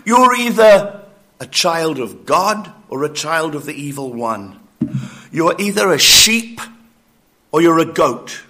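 Male preacher, high and bright voice, deliberate sermon pace, pressing the congregation. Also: expressive. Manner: emphatic, challenging, slows down to stress points. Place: church building.

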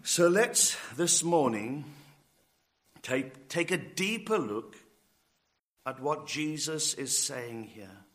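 A man delivering a sermon as a pastor, emphatic and deliberate, rising on key words and coughing now and then. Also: on the high side, expressive, a bit bright.

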